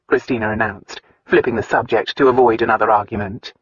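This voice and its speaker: A woman narrating an audiobook in a measured, calm storytelling manner. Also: rumbling low, husky, no room sound, muffled recording. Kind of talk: scripted narration.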